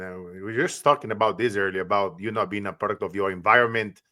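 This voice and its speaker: A man's voice: fairly low pitch, fast talker, bright, forceful tone. A man from Brazil, hosting a casual interview in an earnest, enthusiastic way. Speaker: host.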